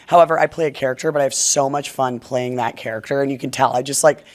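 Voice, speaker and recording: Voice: mid-range voice, steady tone, fast. A podcast host talking in a casual, upbeat, chatty way, with many fillers.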